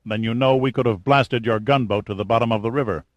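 A man's voice: mid-range voice, quick pace, dry recording, muffled recording, lightly acted. A man voicing a cocky, unflappable boat captain in an audiobook, teasing and confident. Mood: cavalier. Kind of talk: audiobook character voice.

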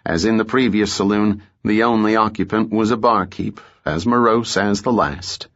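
A man narrating a story in a measured, even way, in a muffled audiobook recording. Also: on the low side. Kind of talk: scripted narration.

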